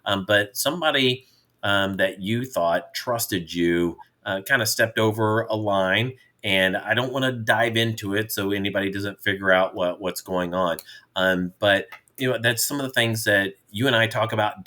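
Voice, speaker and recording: Jovial middle-aged man, bright voice. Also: on the low side, moderate pace. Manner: jovial storyteller, rambling with restarts. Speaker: podcast co-host, father. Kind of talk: casual chat.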